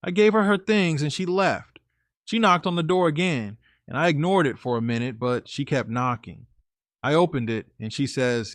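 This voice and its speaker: A man's voice: mid-range voice, normal speed, dry recording, clean studio sound. A man narrating his own story in a casual, conversational way, talking to his listeners directly. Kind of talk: first-person story narration.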